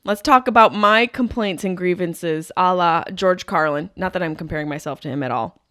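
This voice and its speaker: A woman in her thirties hosting a podcast, riffing through a profane, animated comedic monologue. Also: lowish voice, moderate pace, no room sound, studio quality. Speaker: podcast host.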